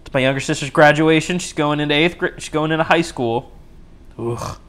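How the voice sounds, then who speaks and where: A man's voice: a little high, a little fast, fairly bright tone. A young man hosting a solo podcast in a casual, rambling way, cracking jokes at his own expense and often restarting sentences. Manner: rambling, jokey, self-mocking, frequent restarts. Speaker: podcast host.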